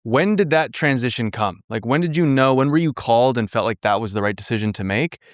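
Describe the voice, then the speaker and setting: Brisk young man asking interview questions. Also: medium pitch, dry recording, clean studio sound. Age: 20s. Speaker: podcast co-host and interviewer. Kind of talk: casual podcast interview.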